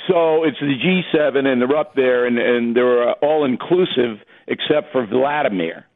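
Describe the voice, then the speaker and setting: A man calling in as a radio guest, blunt and dismissive, talking in quick bursts. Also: mid-range voice. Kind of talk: casual radio talk. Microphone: telephone. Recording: phone line.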